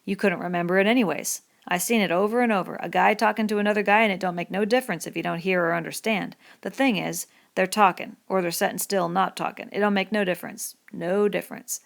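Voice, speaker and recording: A woman reading the part of a bitter, lonely middle-aged male stable hand in a rough rural dialect, in an audiobook. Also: mid-range voice, steady tone, quick pace, few pauses, close to an everyday voice. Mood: brooding.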